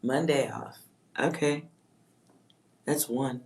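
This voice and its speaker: Deep-voiced and a little slow, a woman gives a psychic reading to her live-stream chat. She muses, reading words aloud and spelling some, with casual swearing mixed in.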